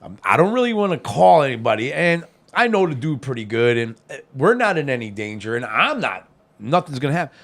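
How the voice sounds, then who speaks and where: A man's voice: mid-range voice, sing-song, a little fast, fairly bright tone. A man hosting a podcast, telling a story in casual chat, laughing often and swearing freely. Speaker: podcast host.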